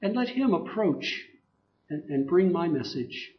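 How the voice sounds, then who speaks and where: A man putting on a hushed, groveling sanctimonious worshipper. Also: high-pitched, lively intonation, unhurried, roomy sound. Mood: groveling pious. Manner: hushed, self-abasing, overly pious. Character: sanctimonious falsely humble male worshipper, groveling. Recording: dull lo-fi recording.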